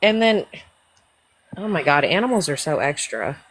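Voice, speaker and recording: Low-voiced woman chatting about her dogs. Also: big pitch swings, normal speed, a little hiss or hum, low-quality recording. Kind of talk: casual livestream chat.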